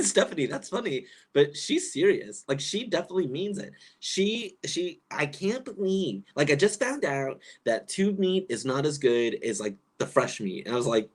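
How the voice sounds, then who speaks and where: A man hosting a casual livestream, reading chat comments aloud and reacting with incredulous, exasperated laughter, rambling with lots of fillers and restarts. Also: fairly high pitch.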